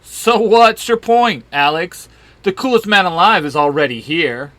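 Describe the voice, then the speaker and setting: A man's voice: high voice, animated, unhurried, fairly bright tone, no echo, pitched above the performer's own voice. A man doing teasing, cocky Iceman.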